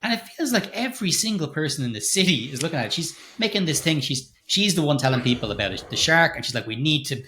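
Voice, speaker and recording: Man, middle-aged, rapid and bright, sweary podcast co-host. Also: a little high, slight background noise. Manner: sweary, animated, retells scenes with quoted lines. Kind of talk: casual film review chat.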